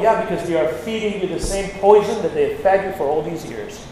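A high-voiced man preaches bluntly and forcefully, his voice climbing into loud peaks. The sound bounces around a big echoey hall with a long reverb tail. Faint noise sits underneath. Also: expressive, normal speed, hardly any pauses. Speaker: pastor. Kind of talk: sermon.

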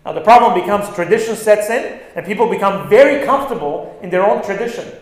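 A male pastor preaching an animated sermon, stressing lines and acting out quoted words. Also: sits high, fast talker. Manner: animated, acts out quotes with bursts of emphasis. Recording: very echoey room.

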